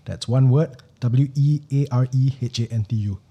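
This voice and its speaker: Husky man reading like a newsreader. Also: medium pitch, normal speed. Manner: even, formal announcer delivery. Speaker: podcast host. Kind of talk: scripted announcement read in a newsreader voice. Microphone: studio podcast mic.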